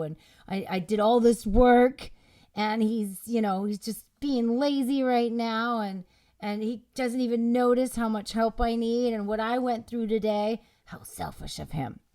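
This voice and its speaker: Woman doing a tired wife grumbling under her breath, higher voice. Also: measured pace, dark tone. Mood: resentful. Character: resentful tired wife griping to herself.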